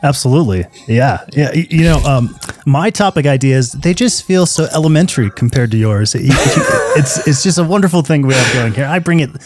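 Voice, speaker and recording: A man co-hosting a casual podcast. He talks in halting bursts full of restarts and often pokes fun at himself. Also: fairly high pitch, big pitch swings, soft background music. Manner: halting, self-deprecating, many restarts. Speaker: podcast co-host.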